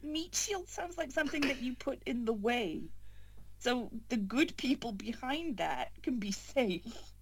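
A woman's voice: a little high, lively intonation, a little slow, slightly rough. A woman co-hosting a casual football podcast, teasing and skeptical with dry questions. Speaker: podcast co-host.

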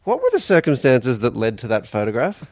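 A man's voice: mid-range voice, huge pitch swings, fairly quick, no room sound. A man guesting on a podcast, asking dry, probing questions in casual banter.

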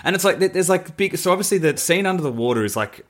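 A man co-hosting a podcast, speaking in a gushing, emotional, halting way. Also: sits high, animated. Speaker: podcast co-host. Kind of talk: casual chat.

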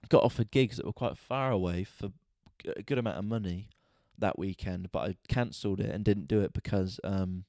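A man hosting a podcast, telling a story in an exasperated, sweary, animated rant. He is a stand-up comedian talking casually. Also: fairly low pitch, fairly quick, few pauses, no echo, clean studio sound. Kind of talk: casual ranting monologue.

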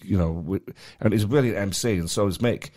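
Deep-voiced Mancunian man chatting. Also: fairly quick, dark tone. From Manchester. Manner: rambling, stop-start, lots of restarts. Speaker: podcast co-host. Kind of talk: casual chat.

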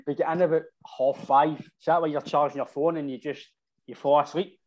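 A Scottish man tells a rambling football-trip story in slangy casual chat, tagging "right?" onto his lines. His voice sits a little higher than most men's. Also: fairly even intonation, normal speed. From Scotland. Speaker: football supporter telling stories.

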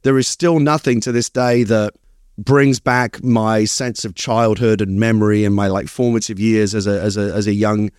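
A middle-aged man from East London whose British accent has turned partly American tells stories in an animated, rambling way, often restarting sentences. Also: on the low side, normal speed, smooth, no room sound, clean studio sound. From East London, England. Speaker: guest screenwriter. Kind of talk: casual interview chat.

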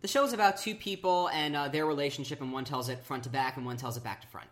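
A woman's voice: sits low, fast, noisy background. A woman co-hosting a casual chat who rambles through tangents, full of fillers.

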